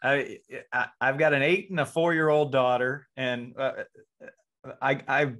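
A man in his thirties hosting a podcast, asking his guest questions in a halting, restarting way. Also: medium pitch, fairly even intonation, fairly bright tone. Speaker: podcast host. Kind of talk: casual podcast chat.

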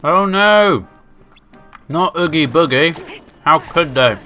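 A man's voice: on the high side, expressive, slow pace, pushed and bright, faint music behind. A man from England, chatting and joking while playing a video game. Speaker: let's play commentator. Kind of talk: casual gameplay commentary.

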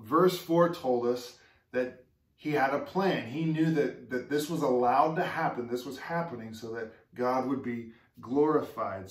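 Earnest preacher in an echoey room. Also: male voice, medium pitch. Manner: earnest conversational preaching, asking the congregation questions. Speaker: pastor. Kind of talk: sermon. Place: church sanctuary. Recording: echoey room, mic far off.

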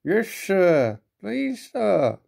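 Guy doing a cheeky little boy train engine, high and whiny, storybook voice, bit gravelly underneath. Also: big pitch swings, normal speed, warm tone, heavily acted. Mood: nervous. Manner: cheeky, whiny, repeats himself.

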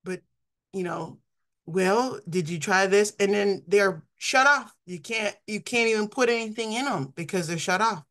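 A woman's voice: medium pitch, moderate pace, a bit bright. A middle-aged woman giving an informal, conversational sermon, often laughing and acting out the people she quotes. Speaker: preacher.

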